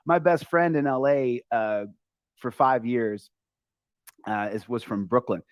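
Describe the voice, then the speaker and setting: A man ranting excitably as an online streamer, mocking and fast to laugh. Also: no room sound. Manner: mocking, excitable, jumps into high squeaky voices. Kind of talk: animated streamer rant.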